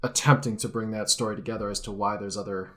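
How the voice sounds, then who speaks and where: A man's voice: on the low side, steady tone, fast, fairly bright tone. Casual young man in gaming banter. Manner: chatty, hesitant, trails off mid-thought. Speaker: let's play co-host.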